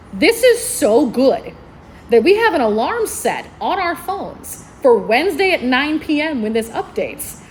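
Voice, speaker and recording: A woman's voice: high-pitched, a little hiss or hum. A woman librarian giving enthusiastic book recommendations at a convention panel, laughing often as she talks. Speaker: librarian presenting book picks.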